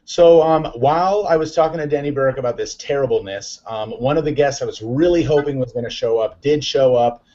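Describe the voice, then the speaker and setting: An excitable man hosts a live online chat show, upbeat and rambling, full of fillers and restarts. His voice sits in an ordinary middle pitch. The sound is dull and lo-fi, like a web call. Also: brisk, hardly any pauses. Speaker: host.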